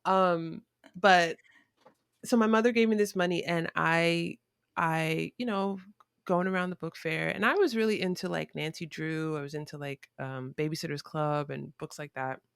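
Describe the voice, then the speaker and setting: A woman's voice: sits low, normal speed, vocal fry, smooth, dry recording, studio quality. A woman guest on a podcast, telling a childhood story in a reflective way, with frequent restarts and fillers. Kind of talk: conversational storytelling.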